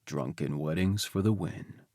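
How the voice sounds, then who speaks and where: A male audiobook narrator voicing a tender, protective husband, speaking softly. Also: measured pace, no echo, clean studio sound. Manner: soft, low, murmuring.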